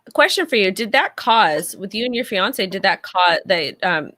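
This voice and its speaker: A woman's voice: mid-range voice, expressive, normal speed, sharp tone, no echo, studio quality. A woman co-hosting a talk show, asking probing questions in casual chat. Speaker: co-host.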